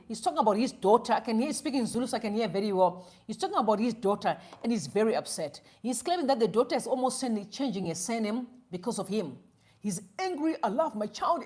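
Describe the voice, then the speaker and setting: A Zimbabwean woman hosts a live stream, offering opinionated commentary and playing both sides of a conversation as she tells a story, dropping Shona phrases into her English. Her voice is fairly high with a darkish tone.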